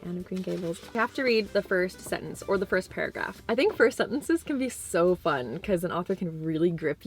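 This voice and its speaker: A woman in her twenties chatting casually as a vlogger, bubbly and gushing, filming herself with a handheld camera. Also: lowish voice. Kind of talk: casual vlog narration. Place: car and beach outdoors.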